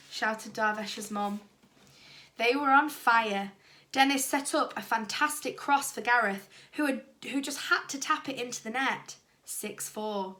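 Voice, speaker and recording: A woman teacher reading a children's storybook aloud with lively, expressive storytelling. Her voice is fairly high and bright, with a clear forward tone. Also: a little slow. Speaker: primary school teacher.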